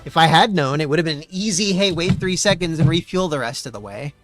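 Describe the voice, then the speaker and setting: A man's voice: on the high side, lively intonation, fast talker, dry recording, faint music behind. Swearing, exasperated man streaming a racing game. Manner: profane, exasperated ranting with sudden yelled outbursts. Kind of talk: live gameplay commentary.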